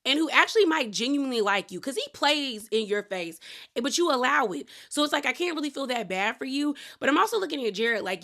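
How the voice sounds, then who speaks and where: A woman talks through a reality TV recap in a casual, opinionated way, tossing in slang and "girl" asides. Her voice sits a little high and sounds bright and forceful. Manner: chatty, opinionated, slangy, addresses people as "girl".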